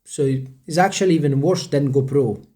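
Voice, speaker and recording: A man with a mellow, relaxed tone talks casually to the camera for his viewers. English is not his first language, and he rambles, repeats himself and restarts his sentences often. He sometimes stumbles over how to pronounce a word. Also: a little high, normal speed. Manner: rambling, hesitant, with many restarts. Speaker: vlogger.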